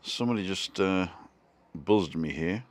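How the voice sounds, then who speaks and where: A man's voice: sits low, animated, unhurried. A man hosting a casual live stream, chatting in a self-deprecating way and reading out viewer comments from home.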